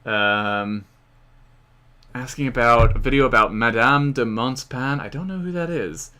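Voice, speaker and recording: A man's voice: medium pitch, a little slow, sharp tone, smooth. An American man hosting a casual live-stream Q&A, rambling with many fillers and frequent chuckles. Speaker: history channel host.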